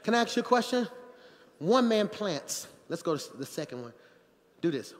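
A pastor preaching a sermon in a church, animated, calling out to the congregation and joking with them. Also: male voice, sits high, moderate pace, pauses often. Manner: animated preaching with crowd call-outs and jokes. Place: church sanctuary. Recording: long church hall reverb.

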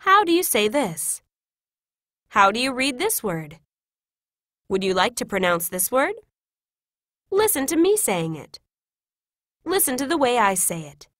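Woman reading classroom English, lively pitch. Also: a little slow, pauses often, dry recording, clean studio sound. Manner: clear, careful, instructive delivery. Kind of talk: scripted reading of example sentences.

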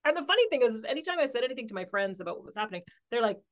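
A woman telling a personal story as a podcast guest, animated and laughing often as she talks. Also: on the high side, very fast. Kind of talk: casual conversational storytelling.

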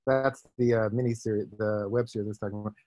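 A man giving an online lecture as a professor, talking thoughtfully with many pauses and restarts. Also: on the low side, steady tone, loud music behind the voice. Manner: thoughtful, hesitant, with frequent fillers and restarts. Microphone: video call microphone.

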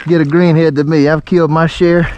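A man, a father hosting a casual duck hunting vlog outdoors by the water, talking excitedly. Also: a little high, fairly quick, muffled recording. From Alabama. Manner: excited, laid-back Southern drawl, hushed whispers when birds near. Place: outdoors at a marsh blind by water. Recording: outdoor camera mic with faint wind and water noise.

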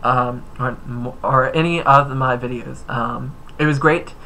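A man narrates his own game session in a bright, crisp voice at an ordinary middle pitch. He rambles excitably, tossing in whoops and silly asides. There is faint noise behind him. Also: takes it slowly, rough recording. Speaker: gaming YouTuber. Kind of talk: let's-play commentary.

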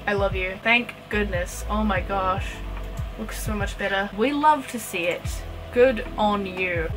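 A young woman hosts a pet channel in a chatty reaction style, gushing and quick to exclaim. Her voice sits in a middle pitch range. Music plays clearly behind her. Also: low-quality recording. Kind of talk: casual reaction commentary. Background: background music.

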